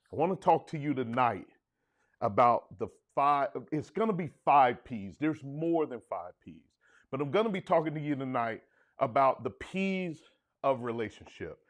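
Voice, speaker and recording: Man, podcast host, energetic, casual livestream chat, call-and-response, mid pitch. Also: unhurried. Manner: loose, conversational, with asides.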